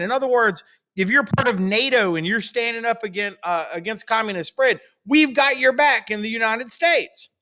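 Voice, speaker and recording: A man's voice: sits high, moderate pace, bright, forceful tone. A man teaching a casual history lecture, chatty and full of fillers, sometimes acting out quotes. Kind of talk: recorded classroom lecture.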